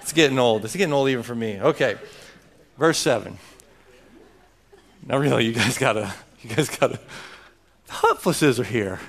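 A man's voice: medium pitch, normal speed, gravelly, long pauses, a bit bright. A man preaching a sermon as pastor, emphatic and joking with his congregation.

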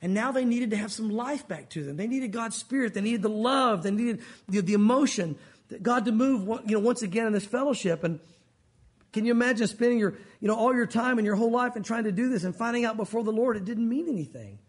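A man's voice: high-pitched, brisk, breathy edge. A male pastor preaching a sermon at a church service, earnest and emphatic, often asking his listeners rhetorical questions.

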